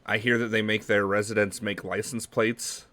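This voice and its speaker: A man's voice: lowish voice, little pitch movement, a bit bright. A man playing a sardonic private investigator in a tabletop role-play, with a joking, sarcastic manner. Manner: sarcastic, joking, quick-witted. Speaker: player.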